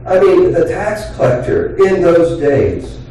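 A man preaching a sermon as pastor, talking in an earnest, conversational way with pauses and restarts. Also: fairly high pitch, sing-song, dark tone, a little hiss or hum. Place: church sanctuary. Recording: very echoey hall, voice from far off.

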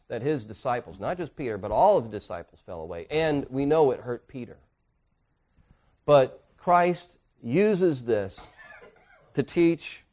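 Earnest preaching man, hushed to emphatic. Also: medium pitch. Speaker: pastor. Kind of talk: sermon. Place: church.

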